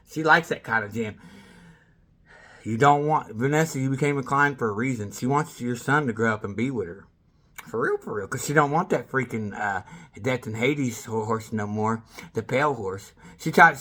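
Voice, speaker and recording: A man's voice: medium pitch, sharp tone. A man rambling in a monologue to camera, calling people out by name and trailing off mid-sentence.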